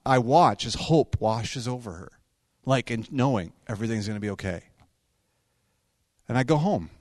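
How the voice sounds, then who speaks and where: A male pastor preaching a sermon as a string of lively, conversational stories. His pitch sits in an ordinary middle range, and the sound is dry and close with no room echo. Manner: conversational, animated storytelling with quick asides and laughs. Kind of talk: sermon storytelling.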